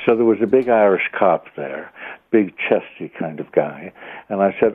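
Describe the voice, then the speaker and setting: A man with a Boston accent calling in to a radio show, telling a story in a rambling, halting way full of fillers. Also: on the low side, breathy edge, no room sound. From Boston area, US. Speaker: caller. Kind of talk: phone-in storytelling. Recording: tinny phone line.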